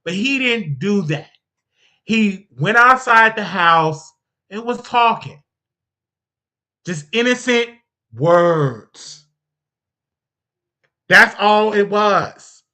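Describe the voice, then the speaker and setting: A commentary host talking on a live stream, emphatic and repetitive, with big swings in pitch and loudness. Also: expressive, drawn-out words, long pauses.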